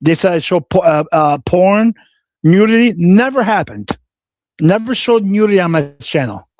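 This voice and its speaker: A man's voice: high voice, big pitch swings, moderate pace, a little mellow, no room sound. Profane, combative man ranting on a livestream. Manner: profane and combative, repeats insults; reads viewer comments aloud. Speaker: livestream host. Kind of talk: angry livestream rant.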